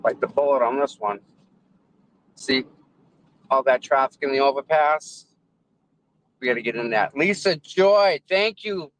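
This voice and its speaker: A man's voice: medium pitch, a little slow, long pauses, low-quality recording. A man live-streaming casually from his car in traffic, rambling, repeating words and thanking viewers effusively. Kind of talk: casual live-stream chat while driving.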